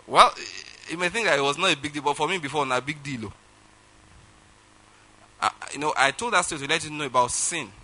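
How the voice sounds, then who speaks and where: A man's voice: on the high side, pushed and bright, rough recording. A man preaching a sermon, telling a personal story and acting out phone calls with laughter. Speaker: pastor.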